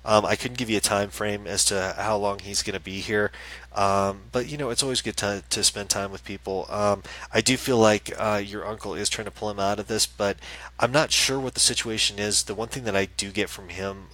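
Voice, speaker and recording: A man's voice: on the low side, steady tone, a little fast, sharp tone, poor audio. A man hosting a casual live show as a psychic medium, chatting and reading out viewer comments. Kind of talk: casual livestream chat.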